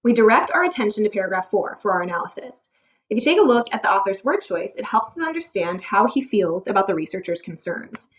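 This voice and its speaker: A woman teacher reading a scripted lesson, explaining clearly and posing rhetorical questions. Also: medium pitch, very animated, fast talker. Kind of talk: scripted narration for a test-prep lesson.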